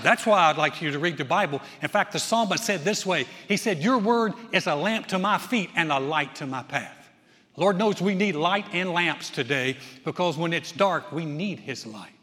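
High-voiced man preaching in a hall. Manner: conversational, folksy, lively storytelling. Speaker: pastor. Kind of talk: sermon.

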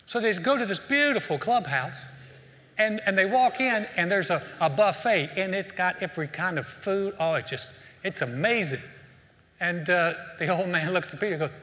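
A man's voice: high-pitched, lively intonation, fairly quick, bright, forceful tone. A male pastor preaching a sermon in a conversational way, telling a joke and often restarting his words. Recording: preached in a hall with long reverb.

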